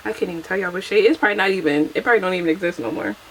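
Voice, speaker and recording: A woman's voice: lowish voice, very fast, a little hiss or hum, rough recording. Chatty young woman doing her makeup. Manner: chatty and self-deprecating, laughs often. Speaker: beauty vlogger. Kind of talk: casual get-ready-with-me chat.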